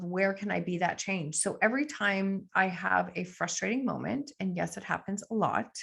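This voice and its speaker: A woman's voice: medium pitch, vocal fry, fairly bright tone. A woman guest on a podcast, talking in an earnest, reflective way with frequent "like" fillers. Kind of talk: casual interview talk.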